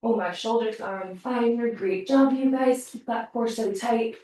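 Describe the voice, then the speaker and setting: A woman's voice: a little high, measured pace, dark tone, slight background noise. A woman teaching a pilates workout, out of breath, counting down reps and encouraging, recorded on a laptop across the room. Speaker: pilates instructor. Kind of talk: workout cueing. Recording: echoey room, mic far off.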